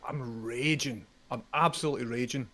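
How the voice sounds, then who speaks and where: A man playing an officious, easily riled head referee, blustering and reading rules out loud. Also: mid-range voice, normal speed, natural voice. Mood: indignant.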